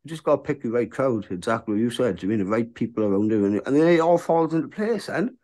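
A man's voice: medium pitch, expressive, fast talker, mellow. A man in his thirties, a bare-knuckle fighter, talking frankly in a casual interview and often asking "do you know what I mean?".

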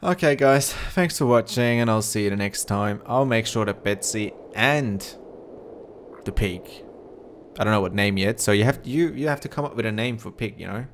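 A man's voice: fairly low pitch, normal speed, slight background noise. A young man commentating his own gameplay, chatty and coaxing animals along, growing easily exasperated. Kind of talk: let's play commentary.

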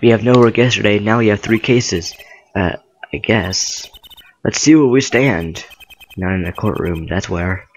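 A man's voice: lowish voice, a little slow. Joking young guy reading game lines. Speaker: let's play host. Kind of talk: reading game dialogue aloud with commentary.

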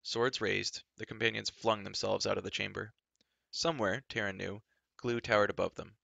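Male storybook reader, low gravelly voice, dramatic read. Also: fairly even intonation, moderate pace, a bit bright, dry recording, highs cut off. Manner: dramatic narration. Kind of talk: live storybook reading.

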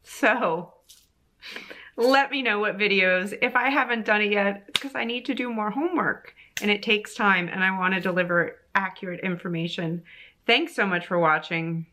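Bright-voiced exasperated woman vlogger. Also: medium pitch, moderate pace. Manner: emphatic, exasperated, repeats phrases for emphasis. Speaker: veterinary oncologist vlogger. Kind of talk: frustrated vlog monologue to camera.

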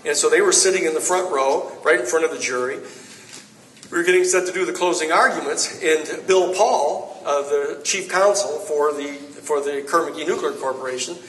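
A man's voice: fairly high pitch, normal speed. Male author, storytelling talk, recorded from a distance in a reverberant shop with faint room hum. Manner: animated anecdotes, acts out quoted lines. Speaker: author giving a book talk. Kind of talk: storytelling talk to a live audience. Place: bookstore event space. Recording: roomy echo from far off.

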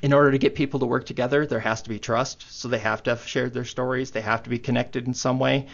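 Over a video call, a man presents a webinar through his computer mic, the online meeting audio muffled. His medium-pitched voice is fast and flat, and he speaks conversationally with lots of fillers.

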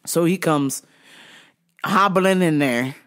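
A woman hosting a podcast, telling a story in an animated, profane, casual way. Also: fairly low pitch, slow. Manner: animated, profane, laughing between lines. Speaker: podcast host.

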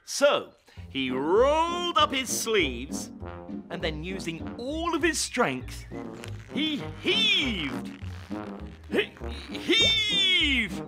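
A man narrating a children's story in a playful, expressive way, inviting children to join in. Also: very high voice, very slow. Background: children's music.

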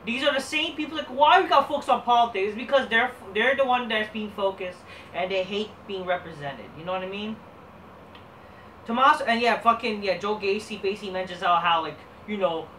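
A man's voice: sits high, sharp tone, a little hiss or hum. A man giving a casual, profane, rambling recap of a wrestling show. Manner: crude, profane and rambling, with frequent restarts. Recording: roomy echo, distant from the mic.

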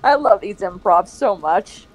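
A woman's voice: medium pitch, animated, a crowd in the background, rough recording. A young woman co-hosting a game playthrough, playful and swearing, mocking the characters. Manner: slow, playful, swearing, mock voices. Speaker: gaming channel co-host. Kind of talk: casual gameplay banter.

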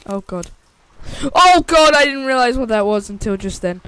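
A woman's voice: medium pitch, brisk, a bit bright, clear, resonant tone, no echo. A woman narrating a horror survival game as she plays, jumpy and swearing constantly, shrieking at scares. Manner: jumpy, swears a lot, shrieks when startled. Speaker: gaming channel host. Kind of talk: let's play commentary.

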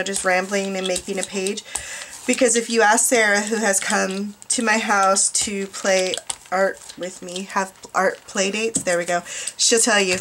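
A woman's voice: medium pitch, a bit bright. A young American woman chatting casually and rambling to viewers while she makes an art journal page at home, often asking them questions. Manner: chatty, self-deprecating, asks viewers questions. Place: small apartment art desk. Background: faint dog noise.

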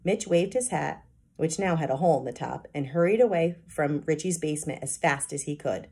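Woman, kindergarten teacher, children's book read-aloud, expressive narration, mellow dark tone. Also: low-pitched, brisk, vocal fry, slightly rough.

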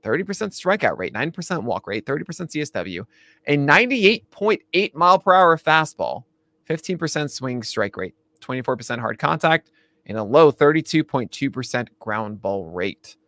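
A man co-hosting a casual baseball chat show, animated, laughing often and restarting his sentences. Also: medium pitch, normal speed, dry recording. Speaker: podcast co-host.

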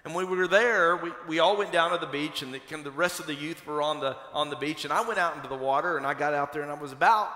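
Bright-voiced preacher in an echoing sanctuary. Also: male voice, on the high side, quick pace, hardly any pauses. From Kentucky. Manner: conversational, building to animated storytelling. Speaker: pastor. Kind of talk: sermon with personal storytelling. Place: church sanctuary. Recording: long hall reverb from a church sanctuary.

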